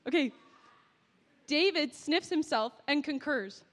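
High-voiced woman directing a church skit. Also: fairly bright tone, big-room sound. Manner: slow, cheerful coaching with frequent laughs. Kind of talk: narrating and directing a Bible skit.

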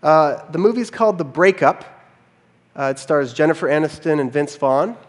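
A man's voice: fairly high pitch, animated, moderate pace, long reverb tail. A man preaching a sermon as pastor, in a conversational storytelling way with wry asides.

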